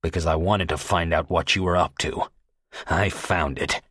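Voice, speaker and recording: A vicious young gunman in an audiobook thriller, spitting venom in a very deep, husky voice, as a male narrator plays him. He sounds hard and cold. The recording is dry and close. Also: fairly even intonation, normal speed, fairly bright tone, no echo. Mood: menacing. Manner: menacing, venomous. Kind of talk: audiobook character voice.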